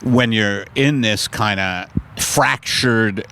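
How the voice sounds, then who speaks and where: A man hosting a comedy podcast outdoors in a park, rambling through banter and breaking into loud put-on voices. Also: on the low side, slow, slight background noise.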